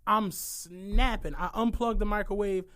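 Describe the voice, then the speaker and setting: A young podcast co-host with a high-sitting, clear, resonant voice tells a story at a slightly slow pace on a casual show. He's animated, swearing and laughing his way through it.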